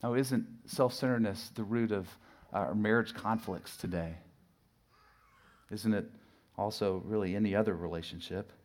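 A middle-aged pastor preaching a sermon, telling a personal story with lively swings from loud acted shouts to hushed asides. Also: male voice, lowish voice, moderate pace. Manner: animated storytelling, acts out his own shouting and sudden hushed asides.

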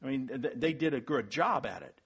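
A man's voice: medium pitch, animated, a little fast, fairly bright tone, breathy edge. A man as pastor, preaching a sermon in an earnest way with emphatic rising peaks.

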